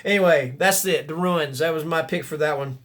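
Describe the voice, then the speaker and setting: Rambling, enthusiastic man with a higher voice. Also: brisk, fairly bright tone. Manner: rambling, self-correcting, enthusiastic. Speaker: booktuber. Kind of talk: casual book chat and reading blurbs aloud.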